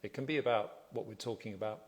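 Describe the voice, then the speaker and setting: Soft-spoken man hosting a livestream. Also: on the low side, fast talker. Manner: chatty, greets viewers and reads out their comments; relaxed, soft-spoken, self-deprecating. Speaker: livestream host. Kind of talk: casual livestream chat. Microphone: phone livestream.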